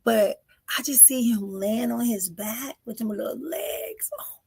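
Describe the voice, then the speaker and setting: A middle-aged woman, hosting a live stream and giving emotive spiritual readings that often drop into soft whispers. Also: fairly high pitch, very animated, a little slow, vocal fry, slightly rough. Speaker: spiritual medium and podcast host. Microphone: close mic for live streaming.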